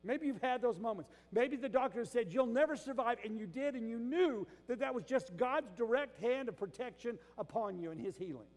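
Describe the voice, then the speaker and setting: Older pastor, swings from loud and emphatic to hushed, fairly high voice for a man, echoey hall. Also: animated, moderate pace, few pauses. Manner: swings between loud emphatic bursts and quiet, hushed stretches. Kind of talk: sermon.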